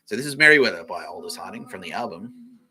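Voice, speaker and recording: A man's voice: low-pitched, expressive, fast talker. A man hosting a comedy podcast, rambling loosely, laughing and swearing as he riffs alone. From Australia. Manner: loose and giggly, swearing freely, slipping into quoted voices. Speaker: podcast host.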